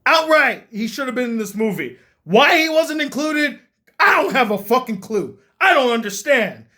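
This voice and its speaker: Male critic, exasperated profane rant, breaks into shouting, comedic. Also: very high voice, big pitch swings, moderate pace. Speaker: film critic.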